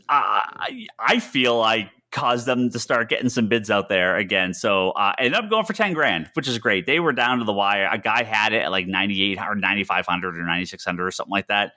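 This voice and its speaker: A man co-hosting a podcast tells a story with animated energy, his voice swinging widely in pitch. His tone is bright, and he often restarts his sentences. The talk is loose and casual. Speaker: podcast co-host. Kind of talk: casual chat.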